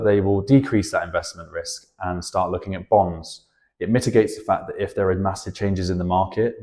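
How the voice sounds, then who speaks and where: A man's voice: sits low, a little mellow. A British man, a personal finance educator, explaining money over on-screen charts and walking through the figures step by step.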